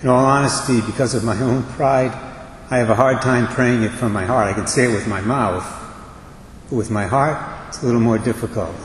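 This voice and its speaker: Earnest priest preaching in an echoing church. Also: male voice, mid-range voice, a little hiss or hum. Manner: measured, earnest preaching with slow emphatic phrases. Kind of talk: homily. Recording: echoey church with long reverb.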